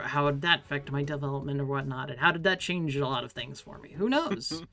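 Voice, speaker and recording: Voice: medium pitch, fairly quick, pushed and bright, faint music behind. A streamer in their thirties chatting loosely while playing a game, swearing and laughing often. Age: 30s. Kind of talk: casual chat while gaming.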